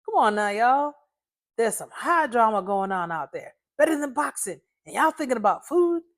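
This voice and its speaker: A woman voicing Kid, an excitable, nosy young man in a storybook reading. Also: on the high side, moderate pace, voice pushed up. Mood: excited.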